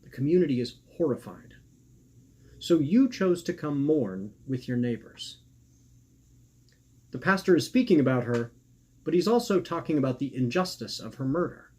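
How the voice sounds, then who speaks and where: A man with a fairly high, husky, dark-toned voice reads his own personal essay aloud. His delivery is earnest and measured, and he poses rhetorical questions along the way.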